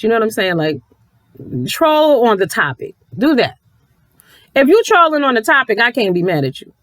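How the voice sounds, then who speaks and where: A woman's voice: medium pitch, dry recording. A woman vlogger speaks straight into the mic in a dry, close recording with no room sound. Her voice sits in a middle register, and she rants at her viewers in a blunt, sassy, profanity-laced way. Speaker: YouTube commentator. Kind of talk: ranting commentary to viewers.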